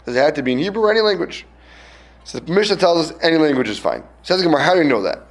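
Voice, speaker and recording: A man's voice: a little high, racing. A man teaching a casual Talmud class, checking in with his students and acting out little scenes to explain a point. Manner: lively, questions students, acts out little scenes.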